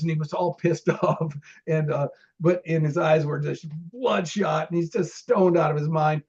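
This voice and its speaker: A middle-aged man rambles through old film-set stories for an interviewer, doubling back, restarting sentences and laughing as he goes. His voice sits fairly high for a man. The sound is dull and lo-fi, like a remote call. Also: moderate pace, a little mellow, husky. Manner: rambling, many restarts, laughs while telling. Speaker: interview guest, former film extra. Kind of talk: casual storytelling interview.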